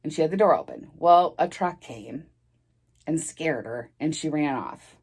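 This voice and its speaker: A woman's voice: low-pitched, expressive, unhurried, a little mellow, husky. A woman telling a personal story in a casual storytime vlog, rambling with many fillers and restarts and laughing as she talks.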